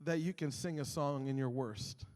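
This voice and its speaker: A man's voice: medium pitch, moderate pace, darkish tone, long reverb tail. A male pastor preaching a sermon, telling stories animatedly and acting out his own grumbling.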